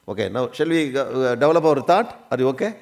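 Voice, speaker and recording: With a somewhat mellow mid-range voice, a man delivers a spiritual teaching. He keeps checking that his listeners follow along, coughing occasionally.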